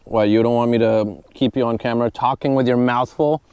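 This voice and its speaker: A man's voice: medium pitch, fairly even intonation, brisk, a little mellow, smooth, dry recording. A man hosting a casual podcast outdoors on a trail, sassy and laughing often, with some swearing. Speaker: podcast host. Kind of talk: casual chat.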